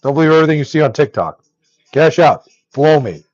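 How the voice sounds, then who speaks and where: A man's voice: a little high, animated, brisk, a little mellow, dry recording, highs cut off. A young man angrily ranting on a live stream, swearing nonstop and exasperated. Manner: angry, profane ranting.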